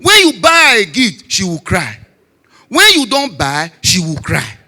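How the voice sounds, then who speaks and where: A man in his forties with a Nigerian Pidgin English accent, telling stand-up comedy stories, shouting punchlines and dropping low for asides. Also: wildly swooping pitch, measured pace. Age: 40s.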